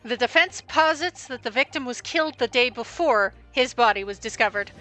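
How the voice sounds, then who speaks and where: A woman voicing an earnest young male defense lawyer who reasons deliberately. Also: a little high, animated, bright, forceful tone, faint music behind, rough recording.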